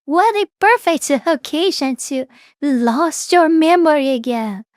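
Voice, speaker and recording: A woman's voice: high-pitched, expressive, a little slow, no room sound, clean studio sound. A woman reacting live to a video, laughing in incredulous disbelief. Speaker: reaction streamer.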